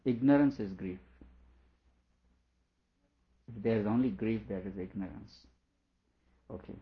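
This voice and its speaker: Low-voiced man explaining a text. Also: unhurried, narrow, tinny audio. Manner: reads a passage aloud, then comments on it with small laughs. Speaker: teacher. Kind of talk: reading and explaining a philosophical text.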